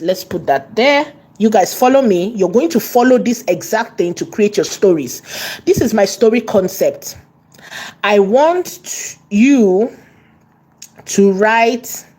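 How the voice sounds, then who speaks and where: A woman teaching an online course, repeating and stressing key words and slowing down as she dictates. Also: medium pitch, dark tone, slightly rough. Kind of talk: tutorial lesson.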